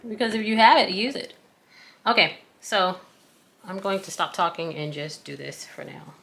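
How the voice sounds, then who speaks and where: A woman's low voice carries lively intonation and vocal fry at a moderate pace, over heavy background noise. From the American South and speaking with a Southern accent, she hosts a craft tutorial, casually walking viewers through sewing in a folksy, self-deprecating manner.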